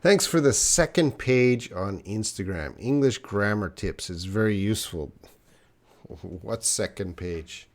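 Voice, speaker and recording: A man's voice: on the low side, lively intonation, unhurried. A man teaching English on a live stream, answering viewers' questions with patient explanations and example sentences.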